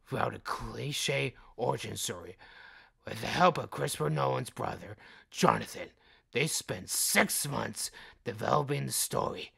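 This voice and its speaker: Gravelly, husky male podcast host, slow and deliberate, reads trivia with comic asides. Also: mid-range voice, pushed and bright. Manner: jokey outbursts between read facts.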